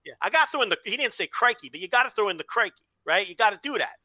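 Male podcast co-host from the US, chatty and loose, bright voice. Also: sits high, rapid-fire, dry recording. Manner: animated, many restarts, swears freely. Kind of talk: casual chat.

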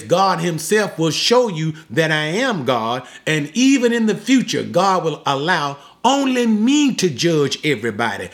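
A man preaching an expository sermon, emphatic, repeating phrases for stress and asking the congregation rhetorical questions. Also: high-pitched.

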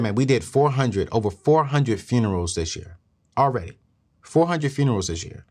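A middle-aged man hosting a show and giving money advice in an earnest, preachy way that climbs higher when he presses a point. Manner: earnest, preachy, rises in pitch when emphatic. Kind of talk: motivational talk to camera.

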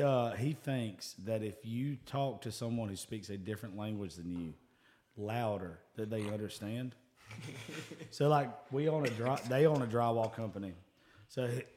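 A man's voice: medium pitch, dark tone. Laid-back host guy, swears a lot, cheering on his guests. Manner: easygoing, profane, hypes up his guests. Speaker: podcast host. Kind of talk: casual chat.

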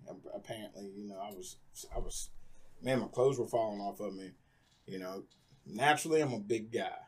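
A man's voice: on the low side, darkish tone, slightly rough. A man candidly telling his personal story in a conversation, rambling with lots of fillers. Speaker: guest.

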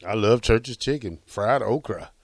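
Joking, low-voiced male radio co-host. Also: a little slow, dry recording, clean studio sound. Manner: joking, playfully indignant. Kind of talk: casual radio banter.

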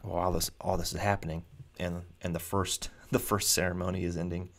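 A man, a preacher hosting his own vlog, telling anecdotes in a chatty, animated way with frequent restarts. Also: low-pitched, fairly quick. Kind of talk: casual anecdotal storytelling.

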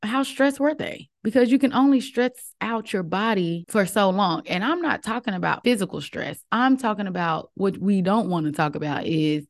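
A woman's voice: medium pitch, moderate pace, few pauses. A woman co-hosting a podcast, chatting casually and telling stories with playful acted-out voices. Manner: animated storytelling, acts out voices. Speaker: podcast co-host. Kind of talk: casual chat.

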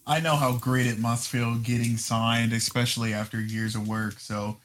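A man co-hosting a casual music podcast talks in a loose, slangy way. He fills his sentences with "like" and "you know" and curses freely. His voice sits at an ordinary middle pitch. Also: flat delivery, moderate pace, fairly bright tone, a little hiss or hum. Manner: loose, slangy, full of fillers and cursing. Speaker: podcast co-host. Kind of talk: casual chat.

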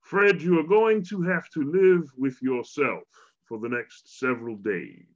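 A podcast host quoting a small green male cartoon alien in a put-on British accent, a slightly higher voice than his own, on a dull lo-fi recording. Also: unhurried, natural voice. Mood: stern.

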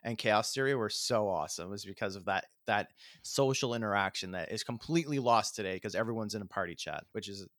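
A man's voice: on the low side, fairly bright tone, no room sound, clean studio sound. A man co-hosting a podcast in casual gaming chat, telling stories with emphatic stress. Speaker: podcast co-host.

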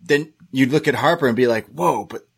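A man's voice: medium pitch, fast talker, breathy edge. A man co-hosting a podcast, talking casually in a rambling way with many fillers and restarts. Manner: rambling, filler-heavy with repeated words. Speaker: podcast co-host. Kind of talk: casual chat.

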